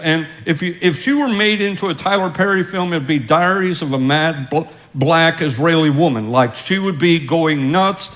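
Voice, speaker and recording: A man's voice: a little high, moderate pace, few pauses, fairly bright tone. A male pastor preaching a sermon in a church, retelling scripture as a casual, joking story for his congregation. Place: church auditorium with live congregation.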